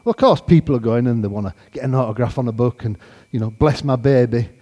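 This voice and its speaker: A man giving an animated storytelling testimony, acting out the conversations as he goes. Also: medium pitch, fast, long reverb tail.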